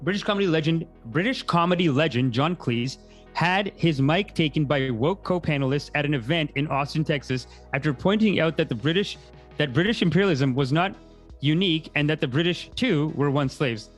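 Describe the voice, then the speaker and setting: Higher-voiced man rambling comedically. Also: faint music behind. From Canada. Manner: rambling, tangent-prone, quick asides. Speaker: podcast host, comedian. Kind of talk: casual comedic monologue.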